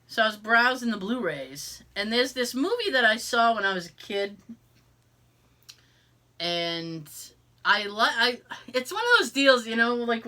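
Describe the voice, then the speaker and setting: Lively, bright-voiced woman telling a story. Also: fairly high pitch. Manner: animated, exasperated storyteller who swears freely; jokey, contradicts herself for laughs. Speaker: podcast co-host. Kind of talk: casual chat, storytelling.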